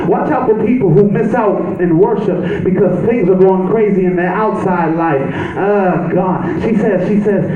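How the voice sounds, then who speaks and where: A man preaching a sermon, telling the story with animation and acting out the people in it, rising to shouts. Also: high-pitched. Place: church sanctuary. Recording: echoey church hall from off-mic, dull sound.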